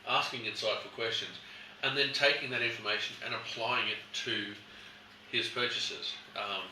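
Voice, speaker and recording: A man's voice: mid-range voice, steady tone, moderate pace, bright, forceful tone. A man presenting a casual wine tasting in a shop, telling stories and acting out customers. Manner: chatty storyteller, acts out customers. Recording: echoey room, mic at a distance, background noise.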